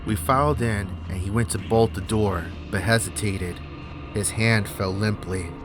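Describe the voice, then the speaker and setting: Man narrating a horror story over music. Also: lowish voice. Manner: measured, tense storytelling.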